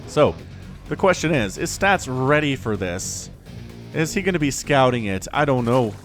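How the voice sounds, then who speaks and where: A man casting a strategy video game match on his own, excitable and chatty, laughing often and fighting the hiccups. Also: medium pitch, normal speed, faint music behind. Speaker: game commentator. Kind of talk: solo esports play-by-play commentary.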